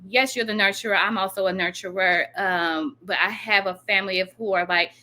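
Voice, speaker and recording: A woman with a bright, crisp voice talking as a guest on a casual podcast. She gives earnest, emphatic advice and agrees warmly and eagerly with her host. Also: mid-range voice, fairly even intonation, fairly quick.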